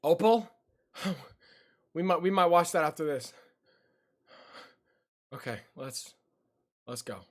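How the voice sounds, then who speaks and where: A man's voice: on the high side, lively intonation, takes it slowly, pauses often. A young man streaming from his computer at home, giving jumpy reaction commentary, easily startled and given to yelps and shrieks.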